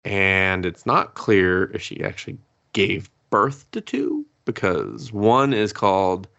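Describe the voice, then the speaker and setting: A man's voice: low voice, slow, vocal fry, no room sound, highs cut off. A man casually recapping an anime episode on a podcast, swearing freely and acting out the characters' lines. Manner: profane, animated storytelling, acts out characters' lines. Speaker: podcast co-host.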